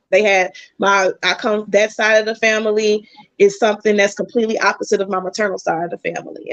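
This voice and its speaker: Animated woman telling a family story. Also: medium pitch, dry recording. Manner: animated storyteller, quick bursts. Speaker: podcast guest. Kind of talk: casual chat. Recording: dull, dry lo-fi sound.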